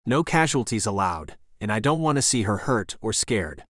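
Expressive male audiobook narrator. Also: lowish voice, moderate pace, no echo, clean studio sound. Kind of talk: first-person romance audiobook narration.

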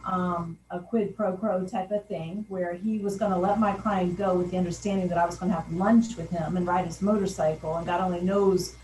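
A woman's voice: fairly low pitch, fairly even intonation, a little fast, few pauses, a little mellow. A woman in her fifties, a sociology professor, candidly telling a personal story and acting out the quoted lines. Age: 50s. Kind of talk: personal testimony. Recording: roomy echo from a distant mic, faint background noise.

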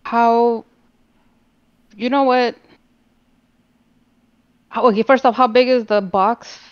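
A woman's voice: fairly high pitch, fairly even intonation, slow pace, smooth, no echo, muffled recording. A woman playing a tabletop game, thinking aloud and asking questions, over online voice chat. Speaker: player.

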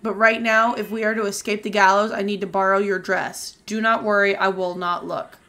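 A charming, mischievous highwayman from a romance novel, as a woman reads him aloud. His lines come in a plain, mid-pitched reading voice, sometimes hurried, sometimes drawn out. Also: little pitch movement, fairly bright tone, close to an everyday voice. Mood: roguish. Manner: read aloud from a book.

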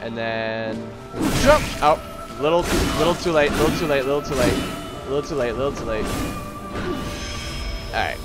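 Over loud game music, a gaming video host with a mid-range voice offers excitable, jokey commentary as he plays. He speaks at a normal speed but pauses often, and he keeps talking to the enemies.

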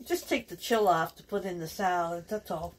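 A woman with a lowish voice vlogs casually from her family's cottage, addressing viewers at a moderate pace. The home video recording has a lot of noise.

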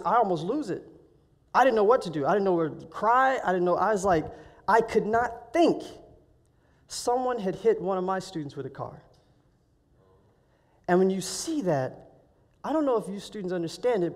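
A man preaching to students, telling a story with emotion, halting and restarting as he speaks. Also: high-pitched. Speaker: guest speaker. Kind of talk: sermon storytelling. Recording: live hall recording with long reverb.

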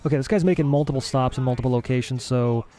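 A young man giving casual let's-play commentary as a gaming streamer, excitable and easily frustrated. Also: medium pitch, quick pace. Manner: excitable, frustrated, swears mildly.

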